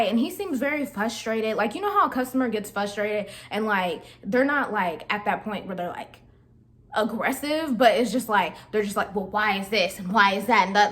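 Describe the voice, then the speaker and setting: A young woman vlogger telling a casual storytime, chatty and slangy, talking straight to her viewers. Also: fairly high pitch.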